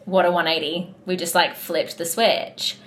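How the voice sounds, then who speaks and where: A woman's voice: lowish voice, little pitch movement, moderate pace, a bit bright, a little hiss or hum. A young woman in casual vlog chat, talking in a gushing, heartfelt way as a musical theatre performer backstage.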